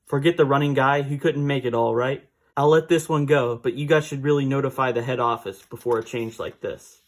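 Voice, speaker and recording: A man's voice: medium pitch, fairly even intonation, brisk, close to an everyday voice. A man reading out the lines of a pompous male actor playing a communist supervillain in a comic. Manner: read out plainly from a comic.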